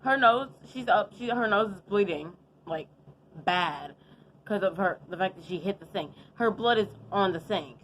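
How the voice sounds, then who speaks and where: A young adult woman vlogger telling a casual storytime, chatty and animated, with lots of fillers and asides. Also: medium pitch, normal speed, slight background noise, low-quality recording. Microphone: adjusting the camera setup while talking.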